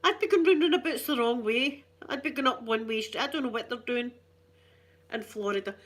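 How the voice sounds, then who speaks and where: On the high side and fairly quick, a Scottish woman's voice carries her chatty ASMR channel talk. The host rambles cheekily, spinning self-mocking stories.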